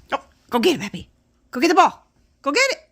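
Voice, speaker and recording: A woman's voice: high voice, gravelly, fairly bright tone. A woman talking playfully to her pet dog, teasing and coaxing it. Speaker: dog owner. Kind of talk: casual talk to a pet.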